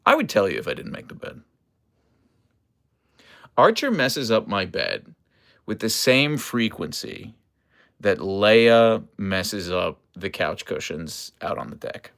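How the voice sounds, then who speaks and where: A man with a gravelly, fry-edged voice hosts a casual pet livestream. His pitch swings widely as he chats with viewers and slips into playful high baby-talk with his dog. He sounds a bit sleep-deprived but upbeat. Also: big pitch swings, slow, long pauses, fairly bright tone. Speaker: livestream host with pet huskies. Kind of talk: casual livestream chat to pets and chat.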